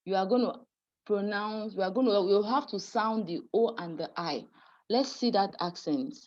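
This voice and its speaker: A woman's voice: medium pitch, moderate pace, a little mellow, muffled recording. A woman teaching French pronunciation in an online class, patient and apologetic, often laughing and calling students dear.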